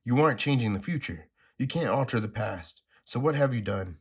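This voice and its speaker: A man's voice: mid-range voice, animated, fairly quick, breathy edge, voice pushed up. A man reading a comic aloud, voicing a grieving, desperate male survivor in a slightly raised, urgent voice. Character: anguished male survivor, grief-stricken and desperate.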